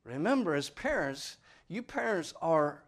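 A man preaching a sermon in a folksy, earnest way, swinging from loud stressed words to quiet asides. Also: fairly high pitch, very animated, a little slow. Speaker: father.

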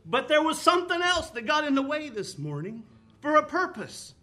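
A man's voice: very high voice, sing-song, normal speed, pushed and bright. A man preaching a sermon with an impassioned, rising and falling cadence, quoting scripture.

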